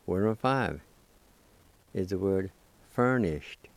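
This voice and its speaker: Slow, deliberate man teaching pronunciation. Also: sits low, animated. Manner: slow, spells and sounds out words syllable by syllable; encouraging. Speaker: language teacher. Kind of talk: recorded pronunciation lesson.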